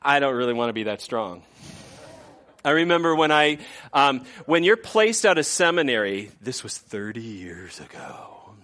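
A man's voice: mid-range voice, moderate pace. A man in his fifties preaching a conversational sermon as pastor, often acting out what people say. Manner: conversational, animated, acts out quoted voices.

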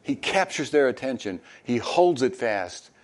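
An older man, a retired pastor, preaching a conversational sermon with halting fillers and bursts of animated storytelling. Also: low voice. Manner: conversational, halting with fillers, animated when acting out crowd reactions.

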